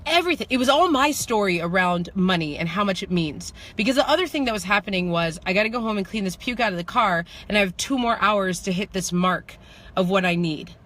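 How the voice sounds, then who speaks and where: Speaking at a medium pitch, a woman recounts a personal experience on her vlog; she works as a spiritual manifestation coach. Laughing and lively, she alternates thoughtful, slow passages with fast, excited rushes that rise to shouts.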